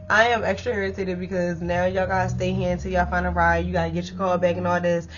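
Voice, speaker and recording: A woman telling a story to her viewers in a casual, animated way, with lots of swearing. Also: on the low side, fast talker. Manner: animated, profane, talks straight to viewers. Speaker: storytime vlogger. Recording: dull lo-fi sound.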